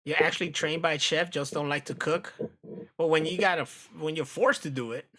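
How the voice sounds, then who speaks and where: A man hosting a live stream, chatting casually with viewers in a joking, profane, animated way. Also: fairly high pitch, brisk. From United States.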